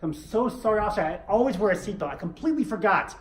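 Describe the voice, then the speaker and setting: A man's voice: high voice, expressive, quick pace, a little hiss or hum. A man voicing a sheepish older husband who pleads meekly with a police officer. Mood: apologetic. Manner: meek apologetic pleading. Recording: roomy echo.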